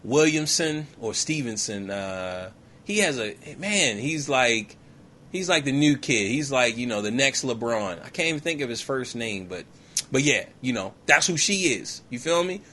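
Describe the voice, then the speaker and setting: A man recaps a film for laughs in loose street slang, his voice bright and forceful. He keeps the story rolling with "yo, man" and "you feel me," and jumps into quick impressions of the characters along the way. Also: medium pitch, expressive, a little hiss or hum. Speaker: podcast host. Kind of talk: comedic movie recap.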